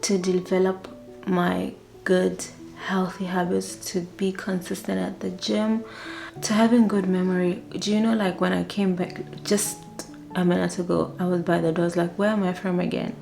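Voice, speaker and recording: A young woman, a flight attendant chatting excitedly in a casual vlog. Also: lowish voice, normal speed, gravelly, faint music behind, poor audio. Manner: chatty, excitable, acts out quotes.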